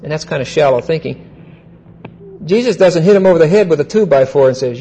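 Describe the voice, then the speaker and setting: A male pastor preaching a verse-by-verse sermon. He repeats key phrases, checks in with "Okay?", and slows down to stress key words. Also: fairly high pitch, animated, warm tone, a little hiss or hum, rough recording. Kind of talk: expository sermon.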